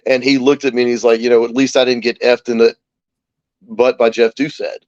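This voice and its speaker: A man in his forties, a talk show guest, telling stories in a casual, lively way and acting out the voices of the people in them. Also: medium pitch, a little fast, dry recording, dull audio. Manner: animated anecdote teller, acts out quoted voices. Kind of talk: casual storytelling.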